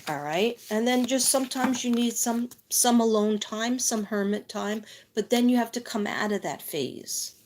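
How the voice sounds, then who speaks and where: A woman's voice: on the high side, expressive, normal speed, hardly any pauses, darkish tone, a little hiss or hum. Chatty woman giving a tarot reading. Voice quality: chatty, rambling with many fillers. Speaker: psychic tarot reader. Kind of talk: live tarot reading chat.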